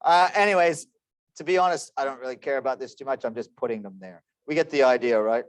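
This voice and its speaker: A man's voice: mid-range voice, fast, smooth, dry recording. A man in his forties teaching an online class with chatty, joking, self-deprecating asides. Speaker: lecturer. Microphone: computer microphone.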